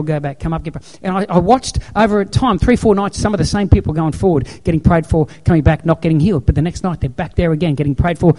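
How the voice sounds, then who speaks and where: A man's voice: fairly high pitch, dark tone. A man preaching a sermon as pastor, telling stories in an emphatic, repetitive way.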